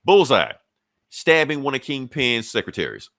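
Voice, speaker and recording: A man casually recapping a comic story on a podcast, swearing freely and acting out the characters' lines in quick bursts. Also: medium pitch, huge pitch swings, fairly bright tone, no room sound. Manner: loose, profane storytelling with quick acted-out quotes. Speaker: comic book podcast host.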